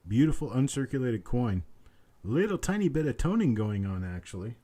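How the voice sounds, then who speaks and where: A man hosting a live coin auction, calling bids over and over between chatty asides, his voice a little rough tonight. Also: medium pitch, sing-song, warm tone. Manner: repetitive rapid bid calling, chatty asides. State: slightly rough voice. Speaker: auctioneer and host.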